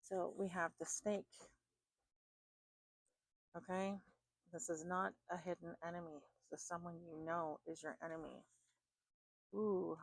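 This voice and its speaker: A woman's voice: fairly low pitch, level tone, unhurried, pauses often, no echo. A woman giving a chatty oracle card reading, thinking aloud with fillers and restarts. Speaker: tarot card reader.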